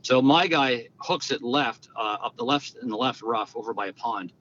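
A man, a guest telling stories in an animated, conversational way and acting out the quoted lines. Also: moderate pace. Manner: animated, acts out quoted dialogue. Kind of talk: conversational storytelling. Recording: dull lo-fi sound with faint rumble.

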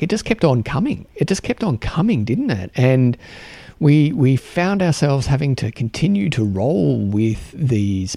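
A man with an Australian accent hosting a solo podcast, talking earnestly and haltingly with many restarts and repeated words. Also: medium pitch, creaky, warm tone, slightly rough, no echo. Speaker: podcast host.

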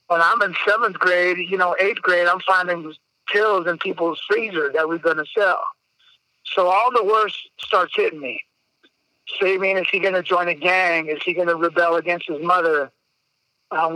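A man tells a personal story on his podcast, blunt, profane and openly emotional. His voice is sharp and very bright but smooth, delivered in an even, level tone. The microphone sound is close and dry. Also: high voice, measured pace, no room sound, poor audio. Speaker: podcast host.

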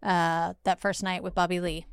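A woman's voice: lowish voice, level tone, moderate pace, smooth, no room sound, studio quality. A woman comedian as a guest on a casual podcast, easygoing with fillers and laughs.

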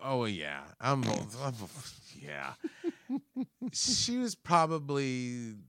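A man in his thirties telling a loud, profane story in casual chat, often mimicking the people in it. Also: medium pitch, drawn-out words, vocal fry, no echo. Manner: profane, animated, mimics voices in anecdotes.

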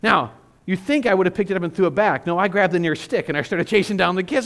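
A middle-aged male pastor preaching a sermon, telling stories with animated, self-mocking humor. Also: high voice, fast talker.

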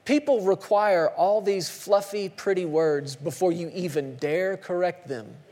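A man with a high-pitched voice preaches a sermon in a church sanctuary, swinging from hushed lines to sudden shouts. His voice rings with the long reverb of a large hall. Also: unhurried. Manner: emphatic, dramatic swings between hushed and shouted. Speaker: pastor.

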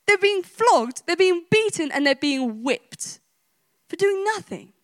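A woman's voice: extremely high pitch, sing-song, unhurried, a bit bright, no room sound, studio quality. A woman preacher giving an emphatic sermon, retelling a scripture story with rhetorical questions and repetition.

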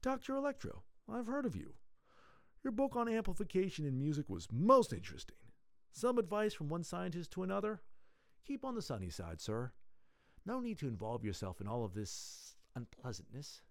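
A man reading aloud and voicing a calm, bland villain in gray who speaks in a measured, quietly reasonable way. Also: sits high, no room sound, studio quality, voice pushed up. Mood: placid.

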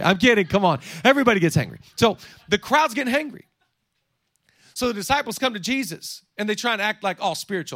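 A man in his thirties preaching a sermon in a playful, energetic way, joking and acting out quotes from the story. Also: high voice, fast talker, no room sound, clean studio sound. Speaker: pastor. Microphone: seated on a stool.

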